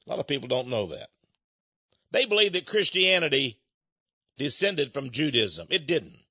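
An older American man preaching a fiery radio sermon in a fervent, preachy way, swinging between loud outbursts and low asides. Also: big pitch swings, moderate pace, slightly rough, dry recording, highs cut off. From United States.

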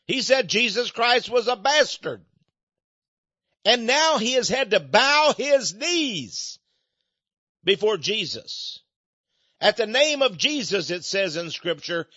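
An older man from the United States delivers a fiery radio sermon in a high, sharp voice. He preaches fervently, shifting from loud outbursts to low muttered asides. The recording is dry and dull, with a lo-fi radio sound. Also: no room sound.

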